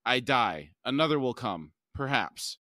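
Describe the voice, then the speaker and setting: A man voicing a despairing, childlike giant servant creature that is dying, pleading slowly in a plain reading voice. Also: medium pitch, big pitch swings, sharp tone, no room sound, clean studio sound.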